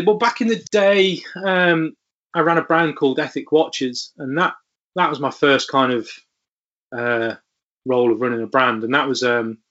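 A man's voice: mid-range voice, fairly bright tone, highs cut off. A man, a podcast guest, telling stories in a rambling way with many fillers. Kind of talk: casual storytelling interview.

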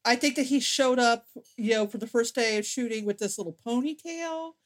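Woman talking in halting, repeating bursts. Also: on the high side. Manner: halting, repeats words as she gathers her thoughts. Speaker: podcast co-host. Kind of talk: casual podcast chat.

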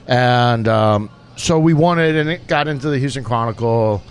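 A man's voice: mid-range voice, moderate pace, clear, resonant tone. A man in his forties, a restaurant owner being interviewed, telling stories in an easygoing, rambling way and often restarting his sentences. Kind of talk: casual storytelling interview.

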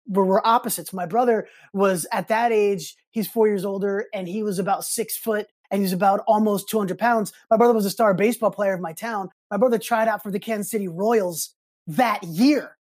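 A man telling a personal story as a podcast guest, animated and expressive, slipping into other people's voices as he recounts them. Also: sits high. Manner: animated, acts out quoted voices in his stories. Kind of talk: casual storytelling interview.

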